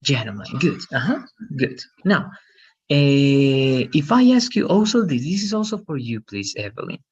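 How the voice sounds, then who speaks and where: A man's voice: mid-range voice, sing-song, normal speed, darkish tone, breathy edge, dull audio. A man teaching an English lesson, patiently explaining and often checking in with "right?".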